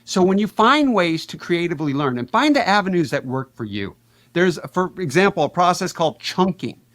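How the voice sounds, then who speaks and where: A man talking energetically as a podcast guest, fast and animated, with big swings in his voice. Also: high-pitched. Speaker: podcast guest, payments educator. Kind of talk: energetic conversational interview.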